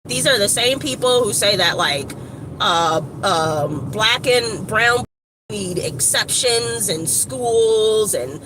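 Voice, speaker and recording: A woman from Evanston, Illinois, giving a casual, rambling motivational talk to her phone camera outdoors, slangy and animated with lots of asides. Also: medium pitch, takes it slowly. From Evanston, Illinois, USA. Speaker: motivational vlogger. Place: outdoors by a street with shops. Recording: outdoor traffic noise.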